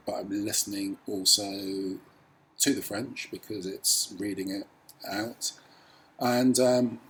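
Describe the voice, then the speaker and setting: Brief: man, low husky voice, hesitant tutorial vlogger. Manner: hesitant, many ums, relaxed explaining. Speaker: language learner showing a practice tool. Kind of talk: casual screen tutorial.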